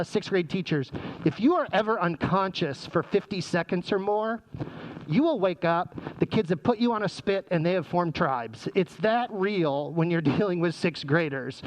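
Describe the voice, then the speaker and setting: High-voiced man joking through a mask. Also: low-quality recording. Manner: jokey, quizzes the audience with questions. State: speaking through a face mask. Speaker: presenter speaking to parents, former sixth grade teacher. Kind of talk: humorous live talk to an audience.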